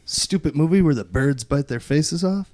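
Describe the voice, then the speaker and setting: A man's voice: a little high, normal speed, no echo. Joking man in dry-sounding chat. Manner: jokey, laughs often, deadpan absurd bits. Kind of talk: casual chat among friends.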